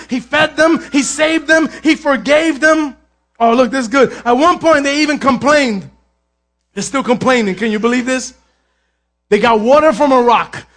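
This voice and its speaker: High-voiced animated male pastor preaching. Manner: lively preaching with jokes and call-outs to the congregation; acts out biblical characters' voices. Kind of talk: sermon. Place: church.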